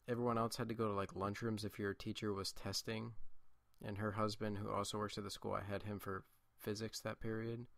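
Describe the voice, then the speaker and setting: A teenage guy chats over his gameplay in a low voice. He rambles through a school story with constant asides and restarts. His voice is dry and close, with no room sound. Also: creaky, dry recording. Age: late teens. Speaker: gameplay commentator.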